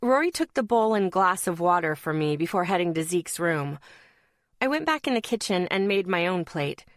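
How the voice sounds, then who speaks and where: A woman reading a fantasy audiobook as a first-person narrator in an even, storytelling manner. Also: fairly low pitch, moderate pace, dry recording, clean studio sound.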